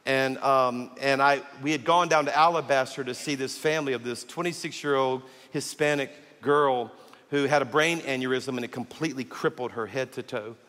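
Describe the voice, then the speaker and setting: A man's voice: mid-range voice, normal speed. A man preaching a sermon as pastor, telling stories animatedly and acting out the dialogue. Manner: animated storyteller who acts out dialogue. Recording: long reverb of a large hall.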